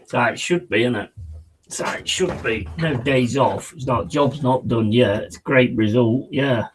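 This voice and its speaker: A man chatting excitedly and casually as he hosts a live football watch-along stream. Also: mid-range voice, slight background noise, low-quality recording.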